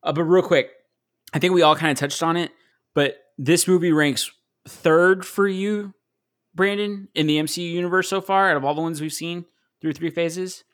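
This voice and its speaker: A man hosting a casual podcast chat, chatty and quick to laugh, often correcting himself as he goes. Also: on the high side, steady tone, a bit bright. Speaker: podcast host.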